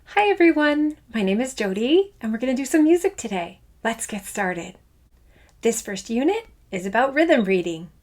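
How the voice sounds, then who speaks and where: A woman's voice: on the high side, very animated, moderate pace, darkish tone. A middle-aged woman music teacher from Canada, giving a playful, upbeat online lesson for children. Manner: enthusiastic, playful, speaks to children.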